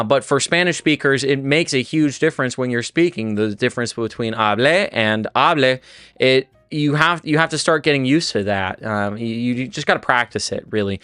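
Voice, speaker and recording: A man's voice: mid-range voice, a bit bright, smooth, no echo. A man who is a native English speaker, teaching Spanish on a casual livestream, rambling and often restarting his sentences. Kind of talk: livestream lesson.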